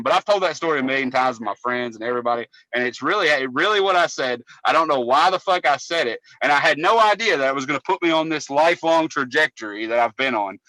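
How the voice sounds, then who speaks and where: Bright-voiced man telling a rambling story. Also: medium pitch, no room sound, low-quality recording. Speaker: podcast co-host, cable technician. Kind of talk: casual podcast chat.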